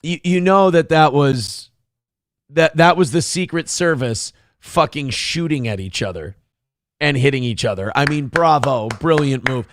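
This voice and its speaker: A man's voice: on the high side, unhurried, a bit bright, dry recording, studio quality. A man hosting a live stream, ranting profanely and sarcastically while reading the chat. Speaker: live show host.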